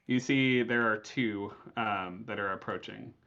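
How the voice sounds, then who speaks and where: A man's voice: lowish voice, a little slow, vocal fry, pushed and bright. A man narrating as game master in a tabletop game, with loose, filler-heavy description. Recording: dull lo-fi recording.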